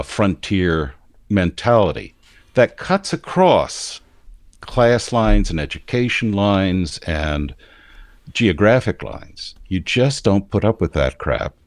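A deep-voiced man from the Philadelphia area, with a standard American accent, co-hosts a casual news discussion. He explains things in long stretches, recorded in studio quality with no echo.

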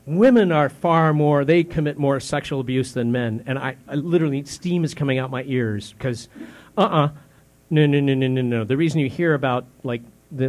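A male pastor in his fifties preaching a sermon in a conversational, questioning way, full of restarts, softening on grave words and rising when indignant. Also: mid-range voice. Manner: drops soft and slow on grave words, rises sharply when indignant.

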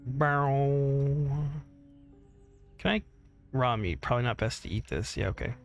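A man talks through his gameplay in a loose, rambling way, cursing freely and humming little tunes between thoughts. His voice has a gravelly, fry-laced edge, and faint game music sits quietly beneath it. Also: medium pitch, measured pace. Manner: rambling, swears freely, hums to himself. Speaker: gaming channel host. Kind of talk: casual let's-play commentary. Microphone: desk mic separate from headset.

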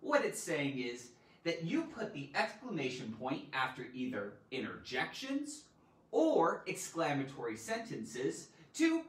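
A woman teaching a live online grammar lesson, animated and theatrical, with loud exclamations. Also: low-pitched, a little slow, echoey room, far from the mic, rough recording.

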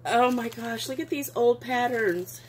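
A woman's voice: fairly high pitch, measured pace, a little hiss or hum. A woman, gushing and sentimental as she opens craft mail in a casual vlog. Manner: gushing, sentimental, exclaims often. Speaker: craft vlogger. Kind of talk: casual unboxing chat.

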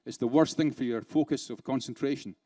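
A man's voice: medium pitch, a little fast, dark tone, no echo. A man with a British accent giving a live keynote at a conference, talking conversationally with rhetorical questions and dry sarcasm. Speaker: keynote speaker. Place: conference room.

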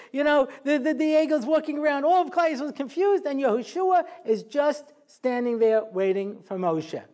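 A man giving a humorous sermon lecture as a rabbi, telling stories and acting out the quotes with jokey asides. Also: very high voice. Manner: animated storytelling, acts out quotes, jokey asides.

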